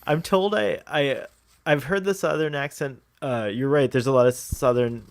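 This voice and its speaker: A man's voice: medium pitch, steady tone, normal speed. Giggly man co-hosting a chat. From Florida. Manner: laughs often, chatty and teasing. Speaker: podcast co-host. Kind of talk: casual chat.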